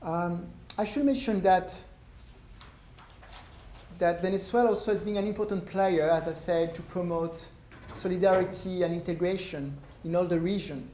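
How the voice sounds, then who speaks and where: French-accented man, hoarse, in an echoey hall. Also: sits high, fairly even intonation, warm tone. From France. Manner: halting, repeats words, many ums. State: losing his voice. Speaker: visiting ambassador speaking to an audience. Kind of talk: public talk with Q and A. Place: lecture room at a university. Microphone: no microphone, room recording. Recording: echoey room with faint noise.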